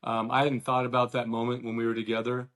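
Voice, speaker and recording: A middle-aged man, a former ballplayer, guesting on a casual podcast chat, speaking earnestly and warmly and often restarting his sentences. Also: mid-range voice, monotone, fast talker. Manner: earnest and warm-hearted, with frequent restarts. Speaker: guest, former baseball player.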